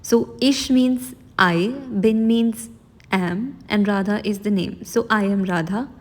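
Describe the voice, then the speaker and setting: Patient woman teaching word by word. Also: mid-range voice. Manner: patient, explains word by word, often starts with "so"; slows and stresses the foreign words she teaches. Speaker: German language teacher. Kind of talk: online language lesson.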